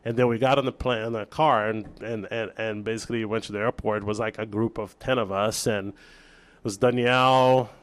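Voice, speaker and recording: A man from Brazil, a chef guest on an interview show, telling a story in casual chat with lively restarts and acted-out dialogue. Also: fairly low pitch, normal speed. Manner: animated storyteller, acts out quoted dialogue, many restarts.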